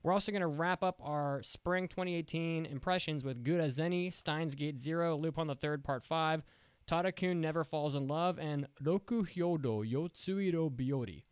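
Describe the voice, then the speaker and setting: A man's voice: fairly high pitch, normal speed, smooth, no room sound. A man hosting a casual podcast, upbeat and joking, rambling with restarts. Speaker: podcast host.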